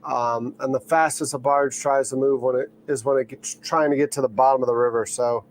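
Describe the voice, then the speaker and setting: A man's voice: mid-range voice, a little fast, slight background noise. A man hosting a live stream from a boat, chatting loosely with viewers and rambling a little, sleepy and yawning. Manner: rambling, relaxed, reads out chat names. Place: on a boat during a storm.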